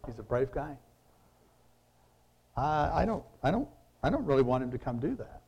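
A man delivers a sermon in an easy, conversational way, reading passages aloud and turning to his listeners with questions. His voice is mellow and warm, at an ordinary pitch. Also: very animated, normal speed, gravelly, slightly rough. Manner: conversational, asks the audience questions. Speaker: preacher.

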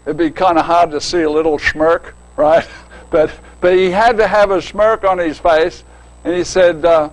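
An older man delivers a sermon in a folksy, joking manner, his voice a little high for a man with fairly even intonation. He often asks listeners to picture things and checks in with a quick "right?" The recording is low quality.

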